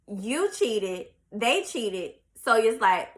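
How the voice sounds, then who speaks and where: A woman's voice: a little high, slow pace, bright, forceful tone. A woman hosts a podcast in a casual chat, reading passages from a self-help book aloud and talking to listeners as y'all. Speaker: podcast host.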